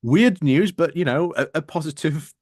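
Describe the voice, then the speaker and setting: A man's voice: a little high, moderate pace, darkish tone, no room sound. Easygoing man, dry close sound. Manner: easygoing, hesitant, filler-heavy. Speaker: guest co-host. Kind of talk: casual live-stream chat.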